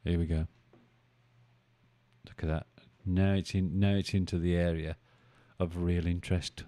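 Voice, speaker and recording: A man with a low, mellow voice talks through a live stream. He rambles, thinks aloud and teases his viewers in a casual, chatty way. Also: level tone, a little slow. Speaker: live-stream trading host.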